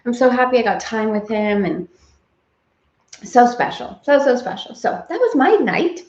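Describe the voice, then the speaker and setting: A woman in her forties talks in an effusive, chatty way on a live stream, greeting viewers by name and laughing between her stories. Her voice has a middle pitch. The sound carries a roomy echo and is a little dull. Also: sing-song, normal speed, a little mellow. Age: 40s. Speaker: host of a live spiritual study stream.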